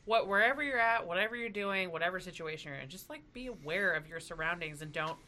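A woman's voice: on the low side, expressive, fast, pushed and bright. A woman from Idaho co-hosting a podcast, talking in an emphatic, opinionated way with many restarts. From Idaho, United States. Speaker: podcast co-host. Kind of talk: casual chat.

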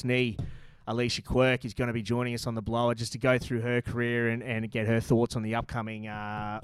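Australian male host, relaxed banter, crisp tone. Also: medium pitch, no echo. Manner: laid-back, blokey banter. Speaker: podcast host. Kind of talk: casual sports talk show.

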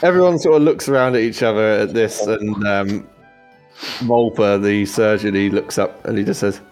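A man narrating a tabletop game as game master in a relaxed way with many pauses. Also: lowish voice, soft background music. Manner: relaxed, hesitant with fillers.

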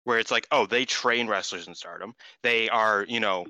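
A man on a casual podcast, talking in an excitable, restless way and swearing freely. His voice is very bright and forward, recorded dry and close with no room sound. He trips over his words and restarts often. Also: lowish voice, normal speed, dry recording. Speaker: podcast co-host. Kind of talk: casual chat.

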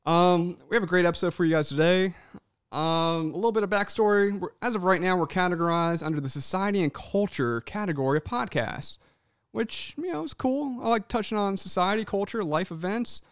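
A man co-hosting a casual podcast, animated and swearing freely, acting out people's voices when he tells stories. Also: sits high, a little fast, smooth, dry recording, clean studio sound. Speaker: podcast co-host.

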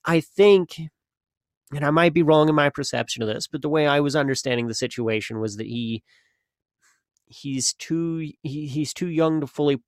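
A man's voice: mid-range voice, no room sound, studio quality. A young man co-hosting a podcast, talking in a rambling, casual way with lots of fillers and restarts. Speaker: podcast co-host. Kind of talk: casual conversational chat.

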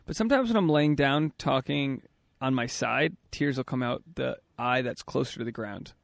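Gravelly rambling young man. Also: medium pitch, no echo, clean studio sound. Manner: rambling, halting restarts. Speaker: podcast host. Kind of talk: rambling casual chat. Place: outdoors at a yard sale.

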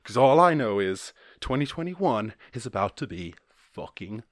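A man's voice: mid-range voice, very animated, moderate pace, dry recording, studio quality. A man hosting a solo podcast, rambling and swearing casually with many restarts. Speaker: podcast host.

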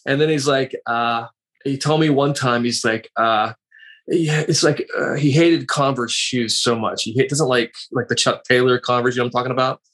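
A man chatting as a podcast guest, telling stories in a warm, easygoing way. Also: mid-range voice, fairly even intonation, moderate pace. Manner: chatty, warm storyteller who slips into impressions. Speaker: guest, radio personality and author. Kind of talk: casual interview talk.

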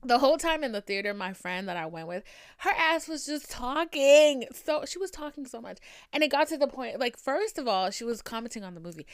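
A woman's voice: a little high, fast, no room sound, clean studio sound. Chatty woman with a light Boston accent. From Boston area, US. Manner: animated, rambling, profane. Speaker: podcast host. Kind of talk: casual chat.

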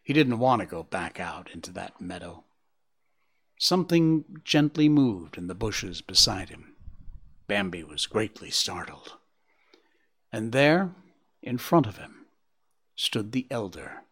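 A man narrating a storybook in an expressive, measured way. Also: lowish voice, slightly rough.

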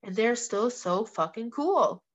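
Speaking at a measured pace in a voice on the high side with lively intonation, a young female professional fighter is interviewed as a guest. She's casual, candid, and animated in her storytelling, saying "like" a lot and swearing now and then, over slightly muffled, lo-fi podcast audio.

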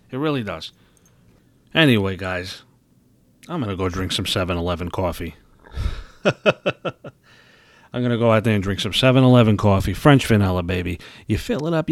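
A man's voice: low-pitched, creaky, dry recording. A young man hosting his own podcast, venting in a casual, heated, profanity-laden rant. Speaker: podcast host.

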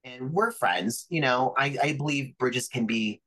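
A man's voice: mid-range voice, measured pace, sharp tone, poor audio. A man, a pro wrestler guest, telling stories from his career in a chatty way, full of fillers and acted-out quotes. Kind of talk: casual storytelling interview.

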